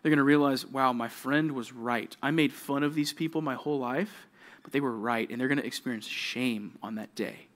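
A young adult man preaching a sermon to junior high students, animated, often acting out quoted kids and checking in with "right?" and "okay?". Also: normal speed. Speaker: youth pastor.

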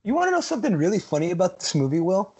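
Husky guy podcast cohost, high voice, swears a lot, rants. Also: big pitch swings, rapid-fire, a little mellow. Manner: profane, emphatic, ranting. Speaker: podcast co-host. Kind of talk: casual chat.

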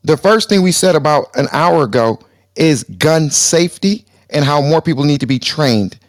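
A man's voice: a little high, animated, normal speed, dry recording. A man hosting a live audio debate room, brash and joking, often stammering and repeating his words. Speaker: host.

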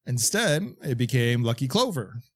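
Brief: man, podcast co-host, mid-pitched voice, easygoing trivia talk. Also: moderate pace. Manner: relaxed, shares trivia with fillers. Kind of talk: casual movie chat.

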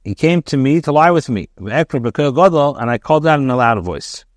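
A man giving a scripture lesson as a rabbi, reading each Hebrew phrase and translating it into English. His voice sits at an ordinary middle pitch. The sound is dry and close, with no room echo. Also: lively intonation. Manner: reads Hebrew then translates with pauses and restarts. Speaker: rabbi teaching Torah.

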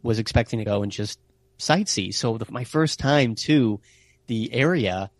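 An American man casually telling travel stories in an interview, animated and sprinkling in playful Italian phrases. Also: mid-range voice, moderate pace, dry recording. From United States. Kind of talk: casual storytelling chat.

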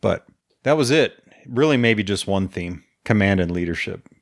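A man's voice: lowish voice, animated, moderate pace, creaky, no echo, studio quality. A man co-hosting a casual book podcast, giving frank opinions with frequent hesitations. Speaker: podcast co-host.

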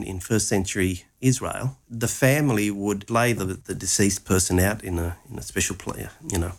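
A man retelling a Gospel story conversationally, acting out its lines with animation. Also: fairly low pitch.

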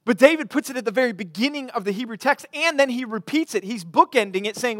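A man preaching a sermon as pastor, earnest, repeating phrases and swinging from quiet to emphatic. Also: very high-pitched, expressive, fast, hardly any pauses, dry recording, studio quality.

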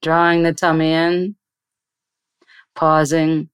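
A low-pitched, smooth female voice with a flat delivery belongs to a meditation teacher. She explains meditation in an interview, then soothingly and slowly guides a breathing exercise; the audio has no room sound.

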